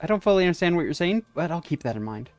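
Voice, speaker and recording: A man's voice: a little high, big pitch swings, very fast, a little mellow, soft background music. A man reading the lines of an anxious young woman police officer in a game, in an uneasy, questioning way.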